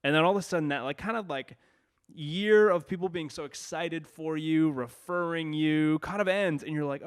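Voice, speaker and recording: A man's voice: a little high, moderate pace. A young man co-hosting a casual podcast, talking in an upbeat, chatty way with plenty of fillers. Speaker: podcast co-host.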